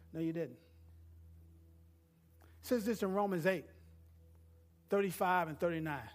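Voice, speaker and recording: A man preaching a sermon, rising from quiet talk to shouting and asking the congregation to call back answers. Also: high voice, measured pace, pauses often, breathy edge. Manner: builds from quiet to shouting, call-and-response questions. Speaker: pastor.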